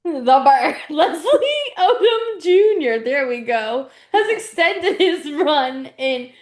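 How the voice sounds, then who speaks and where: Speaking slowly in a high voice, this young woman co-hosts a podcast. She's a giggly, animated storyteller, and her casual chat is full of laughter.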